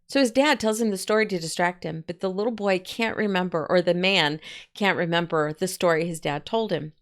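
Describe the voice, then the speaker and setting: A woman teaching a poetry lesson in a chatty, folksy way, with asides and quick quoted voices. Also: lowish voice. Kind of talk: poetry lesson, casual explaining.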